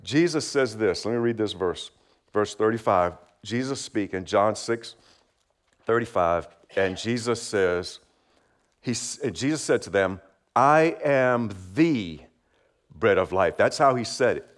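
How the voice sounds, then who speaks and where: A man's voice: on the low side, measured pace. A man preaching a simple sermon, friendly and encouraging, asking the congregation to repeat words back and laughing lightly between points. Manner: friendly, asks for call-and-response, laughs often. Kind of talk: children's sermon.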